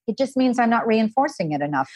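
Woman, fairly high voice, podcast guest explaining parenting with earnest, animated examples. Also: quick pace. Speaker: guest author and parenting expert. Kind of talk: podcast interview.

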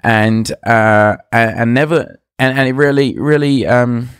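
A man's voice: mid-range voice, fairly even intonation, unhurried, clear, resonant tone, dry recording. Rambling hesitant man, dry close sound. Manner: rambling, hesitant, full of uh and restarts. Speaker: guest magician. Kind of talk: casual podcast chat.

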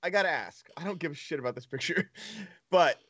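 A man's voice: a little high, animated, a little fast, a bit bright, no room sound. A young man co-hosting a casual podcast chat, loose and swearing often, laughing a lot. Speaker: podcast co-host.

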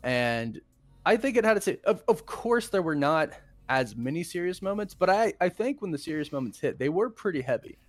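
A man's voice: a little high, normal speed, no room sound, soft background music. A man hosting a podcast, chatting casually and animatedly about a film he is reviewing, often slipping into quotes from it. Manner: animated, acts out quoted movie lines. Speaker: podcast host.

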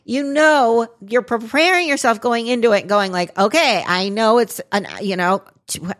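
A woman's voice: fairly high pitch, moderate pace, fairly bright tone. A woman co-hosting a podcast in casual chat, often laughing and chiming in, with rambling sentences. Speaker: podcast co-host.

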